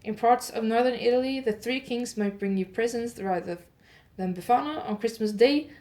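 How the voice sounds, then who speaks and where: A woman hosting an audio advent calendar show. She reads holiday facts in one improvised take, pauses with "uh" to fix her pronunciation, and adds chatty asides to her listeners. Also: on the high side, darkish tone. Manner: reads steadily, stops often with "uh" to correct her pronunciation.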